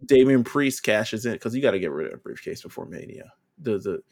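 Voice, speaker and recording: A man co-hosting a podcast, chatting casually in a relaxed, slangy way. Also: fairly low pitch, a little fast, creaky. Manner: relaxed, loose with fillers and slang. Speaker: podcast co-host. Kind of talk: casual chat.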